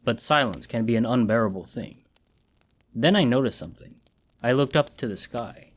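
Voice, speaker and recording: A man narrates a horror story in a measured, dramatic way. His voice sits at an ordinary male pitch. He paces his lines with care to build dread. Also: animated.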